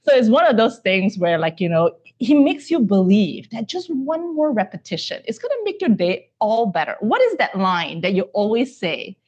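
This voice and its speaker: A woman's voice: medium pitch, very animated, moderate pace, few pauses, darkish tone, dull audio. A woman hosting a conversational interview, speaking encouragingly and laughing often. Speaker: host.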